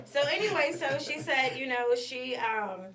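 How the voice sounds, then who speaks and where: A woman's voice: sits high, unhurried, a bit bright. A woman hosting a morning show, telling a story in casual chat with lots of fillers. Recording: echoey room, mic at a distance, faint noise.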